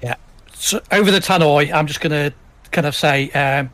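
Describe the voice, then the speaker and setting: A man with a slightly high voice takes part in a tabletop game. He asks matter-of-fact questions to check the scene. His delivery is plain and casual. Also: normal speed, a bit bright. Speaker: player.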